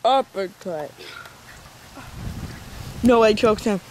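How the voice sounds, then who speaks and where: A young man giving excited, laughing casual commentary on an amateur wrestling match, exclaiming and counting pins. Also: sits high, takes it slowly. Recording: noisy amateur outdoor recording.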